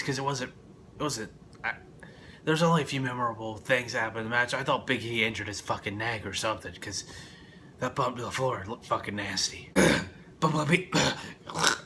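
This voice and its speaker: A young man gives a loose, swear-heavy wrestling recap in a bright, forceful voice. He wanders through his points, then bursts out loudly before dropping back to a mutter, with faint noise underneath. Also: mid-range voice. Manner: profane and rambling, with loud outbursts. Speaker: wrestling reviewer. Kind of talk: casual review vlog.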